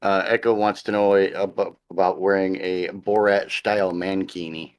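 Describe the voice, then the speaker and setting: A man's voice: low-pitched, flat delivery, normal speed. A man co-hosting a live-streamed talk show, dry and casual, reading chat messages aloud and answering with short replies. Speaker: co-host.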